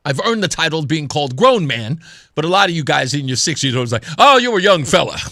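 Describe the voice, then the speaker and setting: A man's voice: a little high, lively intonation, fast talker, sharp tone, no echo, studio quality. A man in his thirties hosting a talk radio show, delivering an opinionated monologue with sarcasm and mimicked voices. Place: radio studio. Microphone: studio microphone.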